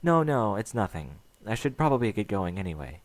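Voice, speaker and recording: A man voicing a shy, nervous young female unicorn who speaks haltingly. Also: fairly low pitch, big pitch swings, no echo. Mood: hesitant. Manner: hesitant, halting speech.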